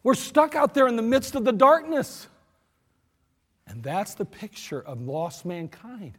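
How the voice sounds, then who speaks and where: Animated preacher in an echoing hall. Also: male voice, extremely high pitch, measured pace, husky. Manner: animated storyteller, acts out voices. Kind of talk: sermon with storytelling. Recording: long hall reverb.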